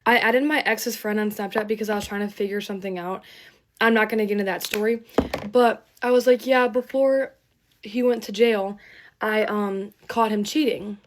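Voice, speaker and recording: A woman's voice: mid-range voice, fairly even intonation, normal speed, background noise. A young woman telling a get-ready-with-me story time, rambling, swearing and venting. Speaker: TikTok storyteller.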